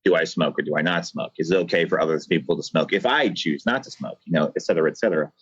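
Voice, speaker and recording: A man's voice: rumbling low, quick pace, husky, no room sound. A man, a cigar factory owner, guest on a podcast, talking at length with passion and some rambling over a video call. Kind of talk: earnest reflective monologue. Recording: dull lo-fi video call audio.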